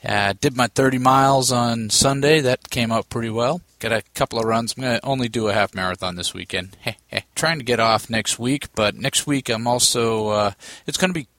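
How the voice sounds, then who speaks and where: A man's voice: mid-range voice, normal speed, fairly bright tone, no echo. A man hosting his own podcast, talking casually in a chatty, self-mocking way with rambling asides. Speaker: podcast host. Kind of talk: casual solo podcast talk.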